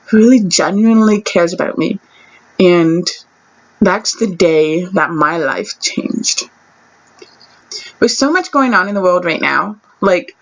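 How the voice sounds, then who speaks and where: A young woman telling a personal story to camera in a chatty, animated vlog style with little laughs and asides. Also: medium pitch, highs cut off. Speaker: vlogger.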